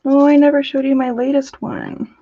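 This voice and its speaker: A woman hosting a casual crafting livestream, chatting in a bubbly way with quick gushing asides while she demonstrates. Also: high-pitched, steady tone, dry recording, muffled recording. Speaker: crafting channel host. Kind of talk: casual live-stream chat with demos.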